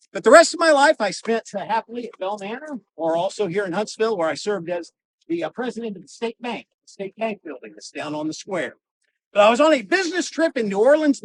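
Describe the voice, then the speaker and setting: A man performing a first-person historical monologue as a costumed reenactor, telling his story with dramatic pauses and wry humor. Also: sits high, rough recording. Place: outdoors in a cemetery.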